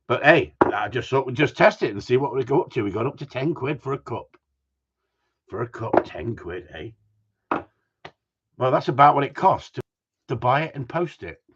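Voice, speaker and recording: Through a dull, lo-fi recording comes a medium-pitched male voice with a breathy edge. He runs a gundog group live stream, joking around, teasing his audience and reading their comments out.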